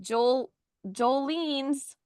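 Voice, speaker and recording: High voiced woman cohost, chatty, reads out news bits, dry close mic. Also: extremely slow, darkish tone, no echo. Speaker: morning show co-host. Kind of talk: casual radio-style chat.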